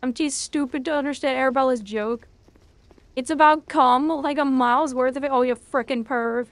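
A young woman streaming a video game, reacting loudly, cursing and cheering at each moment of play. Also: high-pitched, normal speed, dry recording. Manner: excitable, swears a lot, reacts loudly to the game. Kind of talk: live gameplay commentary.

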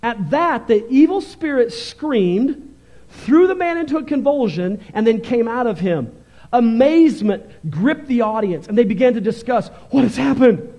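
High-voiced fervent male pastor. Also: normal speed, lo-fi sound. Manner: fervent, animated preaching with shifts in volume. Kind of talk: sermon.

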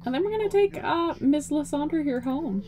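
A woman's voice: high voice, animated, normal speed, dark tone, faint music behind. A young woman giving casual, profane, joking commentary over a life-simulation game and talking to her character. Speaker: gaming video host.

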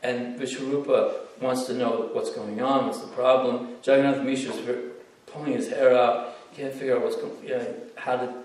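A man giving a devotional storytelling lecture, animated and acting out voices from the stories, in a temple hall. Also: medium pitch, normal speed. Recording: echoey hall, distant mic.

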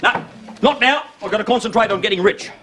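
Blustering Australian sitcom dad. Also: male voice, sits high, fast talker. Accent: broad Australian. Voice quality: loud, blustering and cheeky. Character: blustering, bigoted Australian suburban dad, older man. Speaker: sitcom lead. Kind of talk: 1980s sitcom acting.

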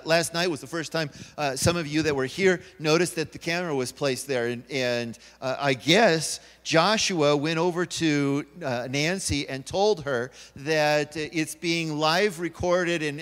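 A man with a high voice preaches in a church, telling stories and acting out each character's lines. The sanctuary gives his voice a long, ringing reverb. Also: moderate pace, few pauses, a bit bright. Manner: storytelling, acting out quoted voices. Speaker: pastor. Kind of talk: sermon.

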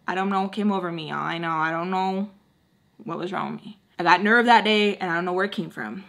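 A woman's voice: mid-range voice, fast, vocal fry, fairly bright tone. A young woman, casually telling a dramatic storytime while doing her makeup, full of "like" and sighs. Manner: chatty, dramatic, heavy filler "like".

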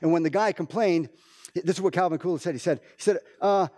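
Man, pastor, slightly high voice, chatty sermon style, frequent restarts. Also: quick pace, dry recording, studio quality. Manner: informal, animated storytelling with many restarts. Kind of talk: conversational sermon. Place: church.

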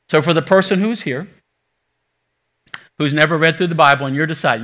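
A male pastor preaching a sermon to a congregation, swinging from loud exhortation to hushed pleading and acting out quoted voices. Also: a little high, moderate pace. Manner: acts out quoted voices in everyday speech. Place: church sanctuary.

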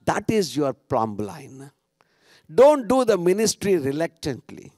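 Man, sermon, impassioned preaching, very animated, dry close sound. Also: fairly high pitch, unhurried, no room sound. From India. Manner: impassioned preaching, sweeping from loud cries to hushed asides. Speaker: pastor. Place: conference hall.

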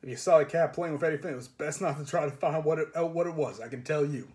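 A sour, grumbling cart driver in common speech, as a storyteller puts him on. He nurses old grudges and mutters his complaints, his voice sitting a touch high. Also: fast, darkish tone, lightly acted.

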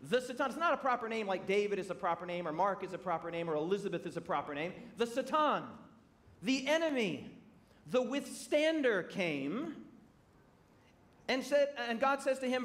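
A man preaching a sermon in a church, emphatic, with bursts of loud emphasis that drop back to quiet asides. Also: sing-song, moderate pace. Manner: emphatic, rising to loud bursts then dropping low.

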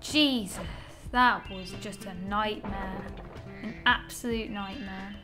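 A woman's voice: mid-range voice, steady tone, slow, music in the background. A young woman giving casual gameplay commentary, exasperated, swearing often and talking to herself. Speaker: gaming channel host.

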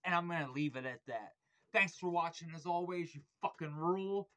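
A man's voice: fairly high pitch, a little fast, fairly bright tone. A man reviewing a record on his vlog, rambling and enthusiastic, swearing freely and filling gaps with "like". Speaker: music vlogger reviewing a record. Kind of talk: casual unscripted review.

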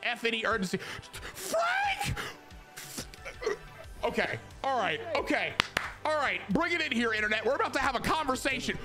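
A young man giving excitable live commentary on his own baseball video game, jumping from loud hype to muttered grumbles. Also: very high voice, quick pace, over music. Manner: excitable, swings from hyped shouting to muttered grumbling. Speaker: gaming YouTuber.

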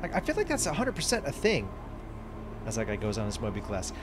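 A man giving excited, chatty commentary while playing a space game, reacting aloud to everything he sees. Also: mid-range voice, quick pace, background noise. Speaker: gaming YouTuber. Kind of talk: casual gameplay commentary. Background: game music.

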